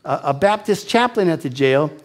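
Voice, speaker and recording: A man in his sixties telling a personal testimony as an animated, self-deprecating storyteller with frequent restarts. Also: on the high side, moderate pace. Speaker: speaker giving a testimony.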